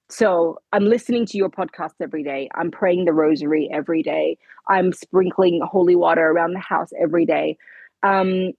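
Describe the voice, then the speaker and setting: A woman guest telling her personal faith story in an interview, emotional and halting. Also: fairly low pitch, a little mellow, slightly rough, dry recording, lo-fi sound.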